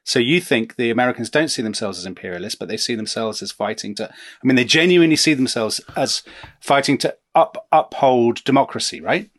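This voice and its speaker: A man's voice: medium pitch, a little fast, fairly bright tone. A man hosting a conversational discussion, jumping in to steer it toward a guest.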